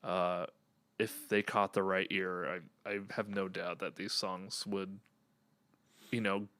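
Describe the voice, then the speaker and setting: A young man chats on a podcast in an earnest, rambling way, full of fillers and restarts. His voice sits a little low and sounds smooth and clean. The recording is dry, with no room sound. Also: flat delivery, takes it slowly, a bit bright, no echo. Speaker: podcast co-host and band member. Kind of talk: casual chat.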